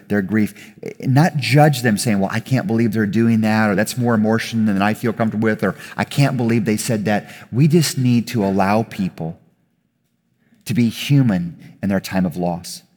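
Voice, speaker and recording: A male pastor preaching a conversational sermon to a congregation, getting louder and more emphatic as he makes his points. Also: lowish voice. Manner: conversational preaching, rising with emphasis, self-corrections. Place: church hall with audience. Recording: reverberant hall.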